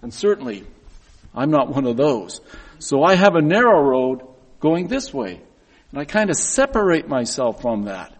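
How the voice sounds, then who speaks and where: A man's voice: mid-range voice, big pitch swings, normal speed. A middle-aged man giving a sermon, telling personal stories in an earnest way and often repeating words as he goes. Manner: earnest storytelling with frequent word repeats.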